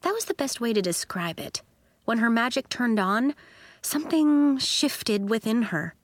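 A woman's voice: on the high side, a little slow, no room sound. A woman narrating a children's audiobook expressively, giving each character a voice of her own. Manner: expressive storytelling, voicing the characters.

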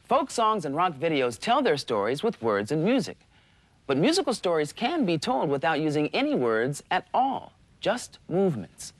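A man's voice: a little high, huge pitch swings, normal speed, no echo. A man hosting a program, bantering playfully and then explaining to viewers. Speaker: host.

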